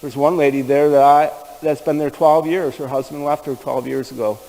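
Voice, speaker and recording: A man's voice: a little high, fairly even intonation, normal speed, warm tone, in a large hall, low-quality recording. A man preaching a sermon, telling stories in a folksy, conversational way and speaking directly to the men in the room. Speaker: pastor. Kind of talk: sermon storytelling.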